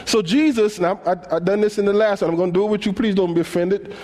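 Speaking fast in a high voice, a preacher brings his sermon stories to life in African American English, voicing the characters' lines in casual slang. A long hall reverb hangs over the sound.

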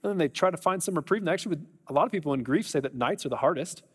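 A man's voice: a little high, animated, very fast, slightly rough, in a large hall. A man preaching a sermon in a conversational, emphatic way, with lots of rhetorical questions to the congregation. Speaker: pastor.

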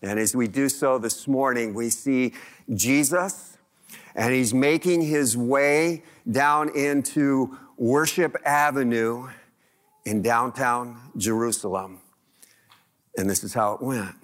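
A male pastor preaching a lively, conversational sermon, asking the congregation question after question. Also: mid-range voice, slow pace.

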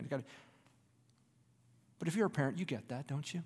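A man's voice: fairly high pitch, brisk, long pauses, breathy edge. Preaching man in a reverberant hall. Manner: expressive preaching, drops to a hushed near-whisper for emphasis. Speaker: pastor. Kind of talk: sermon.

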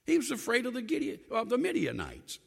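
A man preaching a sermon, telling Bible stories with animated storytelling and acting out the dialogue. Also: very high voice, fairly quick, gravelly, slightly rough. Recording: long hall reverb.

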